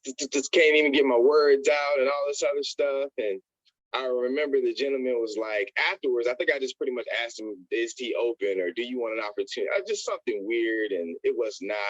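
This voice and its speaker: A man telling a motivational story about his early days in sales, animated, repeating himself and calling his listeners "y'all". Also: medium pitch, no echo, lo-fi sound. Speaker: network marketing motivational speaker.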